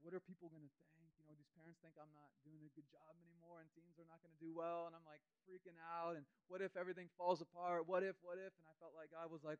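A man's voice: fairly high pitch, clean tone, no echo, lo-fi sound. A man, a youth pastor, preaching a conversational and emotional testimony sermon with plenty of fillers.

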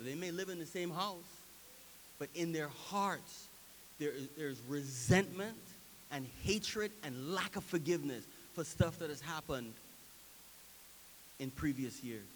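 A man preaching a sermon, moving from quiet reflection to loud, emphatic preaching. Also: a little high, long reverb tail, slight background noise. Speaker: pastor.

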